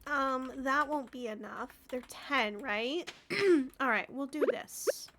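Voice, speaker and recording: A high, bright-sounding woman chats away as she plays a game on a live stream, giggling often and calling out to viewers by name. Loud background noise and clicking sit under her voice. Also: slow pace. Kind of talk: casual live-stream chat while gaming.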